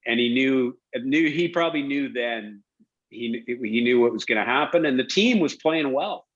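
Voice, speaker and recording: A man's voice: medium pitch, moderate pace, slightly rough, lo-fi sound. A middle-aged man, a former hockey player, telling stories casually in an interview and acting out the quotes. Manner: animated storyteller, acts out quotes, laughs.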